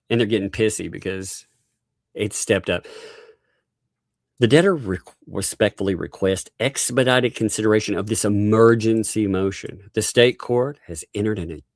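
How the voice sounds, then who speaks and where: A man's voice: fairly low pitch, darkish tone, dry recording, studio quality. A man hosting a casual livestream, reading court filings aloud with sarcastic asides and laughs.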